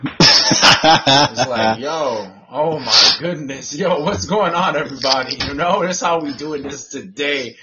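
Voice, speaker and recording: A man co-hosting a podcast outdoors on a patio, talking loudly with profane, laughing banter. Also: mid-range voice, slow pace, lo-fi sound, a crowd in the background. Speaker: podcast co-host. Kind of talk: casual chat.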